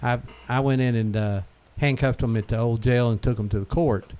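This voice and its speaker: A man of middle pitch co-hosts a loose radio conversation. He tells old stories in a chatty, rambling way. His talk is full of quick yeahs and restarts. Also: fairly even intonation, a little mellow, clear, resonant tone, faint music behind. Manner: chatty, storytelling, lots of yeahs. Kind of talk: casual radio chat.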